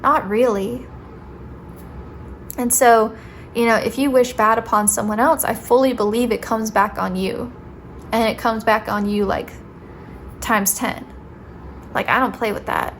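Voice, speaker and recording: A woman's voice: a little high, steady tone, a little slow, long pauses, a bit bright, slight background noise. A young woman with a sweet voice giving a casual, playful tarot reading, talking directly to her viewers and saying "like" often. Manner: chatty, playful, says "like" often. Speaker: tarot reader.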